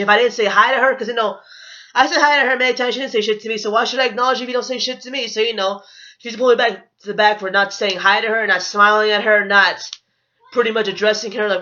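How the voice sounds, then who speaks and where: A young adult woman vlogger tells a storytime in a blunt, profane, indignant rant. Her voice is medium-pitched with a sharp tone, captured on a dull lo-fi recording.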